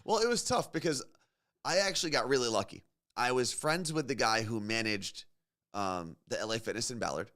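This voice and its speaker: Man, radio co-host, casual storytelling, rambling, mid pitch. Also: expressive, a little fast, fairly bright tone. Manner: chatty storyteller, bursts into silly singing. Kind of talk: casual morning show chat.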